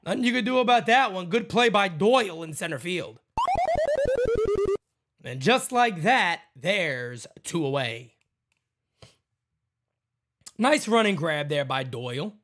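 A man hosting a fan livestream, calling a baseball game pitch by pitch in a casual, excitable way and chatting with viewers between plays. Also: slow, pauses often. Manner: excitable, jumps to loud calls on big plays. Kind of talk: casual play-by-play with chat shout-outs.

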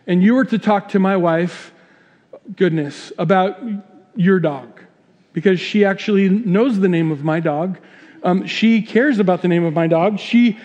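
A middle-aged male pastor preaches to his congregation in an animated, storytelling way, acting out the people in his examples. His voice sits fairly high for a man. The sound carries a long reverb from the church sanctuary. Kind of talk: sermon.

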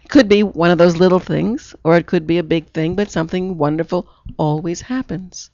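A woman hosts an internet radio talk show, chatting casually with a guest and telling stories where she acts out quotes in her own voice. Her fairly low, darkish voice is steady and brisk, and the dry recording has a dull lo-fi internet radio sound.

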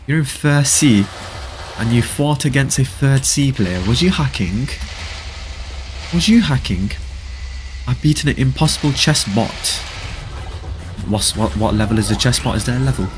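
A laid-back man hosting a live game stream, his voice sitting at an ordinary middle pitch. He reads viewers' chat out and answers it, often sliding into low mumbles. A faint background hiss stays under his voice. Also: expressive, moderate pace, long pauses. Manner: repeats short stock praise. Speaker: livestream host. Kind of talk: casual live gaming chat.

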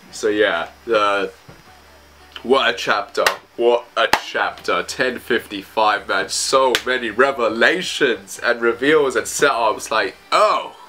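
A man's voice: lowish voice, noisy background. A man reviewing manga chapters in casual commentary, reading panels aloud in loose, slangy phrasing.

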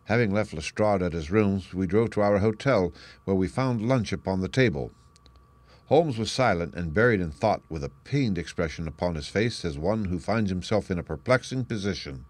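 A man narrating an audiobook story in a steady, measured reading. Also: sits low, no room sound.

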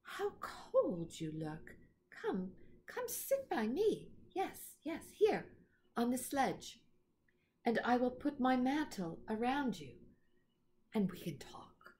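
A woman's voice: lowish voice, lively intonation, darkish tone, slight background noise. A woman doing a haughty witch queen. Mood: falsely sweet. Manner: haughty, slow and menacing. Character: cold imperious female queen, a witch. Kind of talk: storybook read-aloud.

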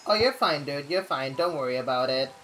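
A woman's voice: deep voice, animated, a little fast, fairly bright tone, slight background noise. A young adult woman streaming, chatting casually and venting candidly, rambling with frequent laughs. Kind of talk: casual live-stream chat.

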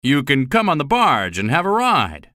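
A friendly, grateful bargee from a storybook, as a male narrator puts him on. The voice is raised, bright and hearty, leaping up and down in pitch. It is recorded dry and close. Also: huge pitch swings, moderate pace, no room sound, heavily acted.

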